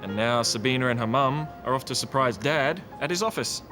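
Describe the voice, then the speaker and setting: A man presenting a children's TV show, gently telling a story with toys and playing with animal sounds. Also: medium pitch, a little fast. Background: guitar music.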